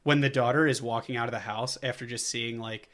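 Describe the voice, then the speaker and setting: A man hosting a casual movie podcast, recapping in a rambling way, full of fillers and quick laughs. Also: mid-range voice, steady tone, a bit bright. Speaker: podcast host.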